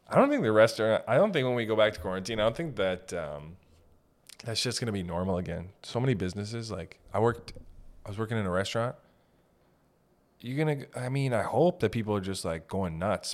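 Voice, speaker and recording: A man with a fairly low voice rants through a casual comedy podcast. He swears constantly, rambles from thought to thought and breaks into laughter. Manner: profane, rambling, laughs often, jumps into silly voices. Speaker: podcast host.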